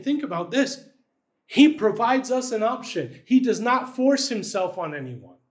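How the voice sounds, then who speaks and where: A man, the church's pastor, preaching a sermon in a conversational style, often checking in with "right?". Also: extremely high pitch.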